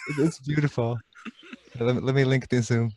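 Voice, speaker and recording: A man's voice: mid-range voice, fairly even intonation, moderate pace, a little mellow, a little hiss or hum. A man chatting casually on a live stream, laughing often and stumbling over restarts as he tells funny stories. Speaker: streamer and mafia player.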